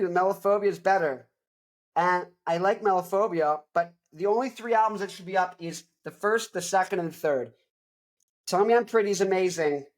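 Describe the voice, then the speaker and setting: A young man chats through an album review in a loose, rambling way. He wanders off topic into jokes and back again, with plenty of fillers. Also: high voice. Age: young adult. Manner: rambling, digressive, jokey. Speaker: host. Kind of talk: casual album review chat.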